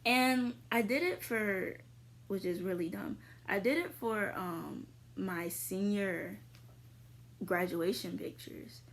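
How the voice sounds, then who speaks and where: A young adult woman vlogger casually answering viewer questions, rambling with lots of fillers and jumping into sudden high squeals. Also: takes it slowly, a little hiss or hum. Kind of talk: casual chat.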